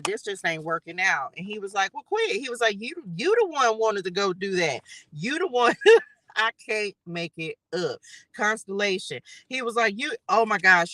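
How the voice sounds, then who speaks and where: High bright voiced guy doing a live tarot reading, chatty and preachy, dry close sound. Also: no room sound, rough recording. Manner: chatty, preachy, keeps addressing viewers as y'all and baby. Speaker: tarot reader.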